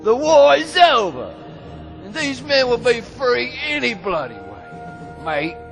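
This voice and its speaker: A man voicing a boastful middle-aged British naval admiral with a put-on British accent, taunting in slow, drawn-out phrases. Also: very high-pitched, huge pitch swings, gravelly, fairly bright tone, soft background music, pitched above the performer's own voice, full character voice. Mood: smug.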